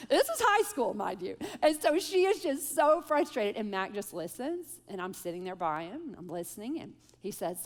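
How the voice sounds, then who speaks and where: A woman in her forties speaking to a moms' group, telling stories in an animated, self-deprecating way and leading a prayer. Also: medium pitch, moderate pace, hardly any pauses. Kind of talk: live talk with prayer and storytelling. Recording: long hall reverb.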